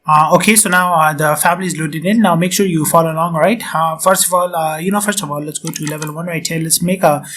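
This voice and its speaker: Man with a high voice and a sore throat, fast repetitive tutorial narration, faint background hiss. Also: steady tone, fairly bright tone. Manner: rapid, repetitive step-by-step instructions with many fillers. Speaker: software tutorial presenter. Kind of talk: screen-recorded software walkthrough.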